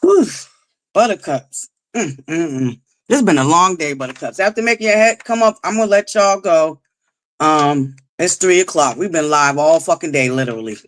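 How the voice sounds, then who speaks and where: A woman's voice: deep voice, animated, moderate pace. A woman hosting a live stream, chatty and swearing freely as she talks to her viewers. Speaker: livestream host. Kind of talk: casual live-stream chat.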